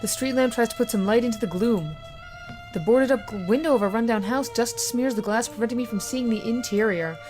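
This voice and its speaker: A gaming video host plays through a horror game, reading its text aloud and reacting casually, often swearing or saying she's grossed out. Her voice is on the high side, brisk, and darkish in tone, with soft background music.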